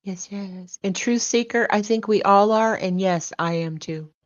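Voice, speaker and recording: An older woman hosting a casual chat, relaxed and rambling with frequent ums. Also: mid-range voice, a little slow. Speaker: host. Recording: dull lo-fi audio.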